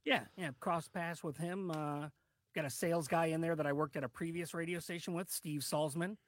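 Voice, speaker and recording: A man chatting as a guest on a radio show, rambling and halting in an easygoing way. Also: fairly high pitch, steady tone, no echo, clean studio sound. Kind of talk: casual radio chat.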